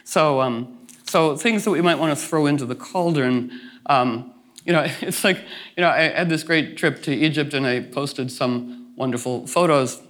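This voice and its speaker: A man with a somewhat high voice talks to a gathered group in a loose, rambling way. He restarts his sentences and leans on "you know" fillers. He laughs through the funny parts of his stories. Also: normal speed, fairly bright tone. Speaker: speaker at a gathering. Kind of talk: casual spoken talk to a group.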